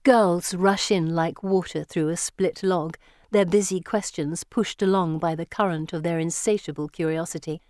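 A woman reading a first-person story aloud in a measured, gentle way. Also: on the low side, fairly even intonation, no room sound, clean studio sound. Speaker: narrator. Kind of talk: audiobook narration.

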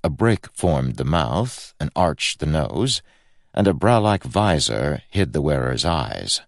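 A man narrating a fantasy novel as an audiobook, measured and expressive. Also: a bass voice, vocal fry, no room sound, studio quality. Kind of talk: scripted narration.

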